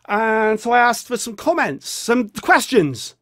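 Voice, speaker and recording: A man rambling jokily through a casual vlog while feeling ill, often dropping into a low mutter. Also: big pitch swings, unhurried, fairly bright tone, dry recording, clean studio sound. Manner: rambling, jokey, drops into a low mutter on a catchphrase. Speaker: vlogger.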